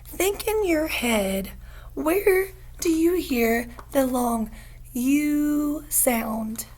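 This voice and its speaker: A woman teaching a phonics lesson to young learners, patient and encouraging, stretching out each sound slowly. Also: high-pitched, expressive, darkish tone.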